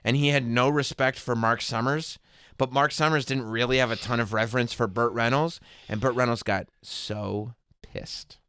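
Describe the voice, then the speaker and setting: A man's voice: medium pitch, steady tone, moderate pace, fairly bright tone, clean tone, dry recording. A male host of a talk show, wry and teasing in casual chat.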